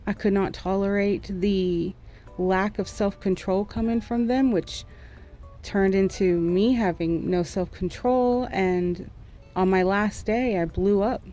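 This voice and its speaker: A woman's voice: mid-range voice, steady tone, slow, dark tone. A young woman, a former school teacher, chatting candidly and at length about her frustrations in a casual art vlog. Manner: frank, rambling, frustrated venting. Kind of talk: candid casual chat over drawing. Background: faint background music.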